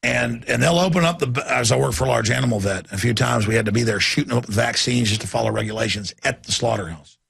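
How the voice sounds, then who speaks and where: A man's voice: mid-range voice, fast talker, fairly bright tone, no room sound. A middle-aged man hosting a talk show, ranting intensely and acting out voices as he goes. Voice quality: gravelly. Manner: intense, acts out voices mid-rant. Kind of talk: impassioned talk-radio rant.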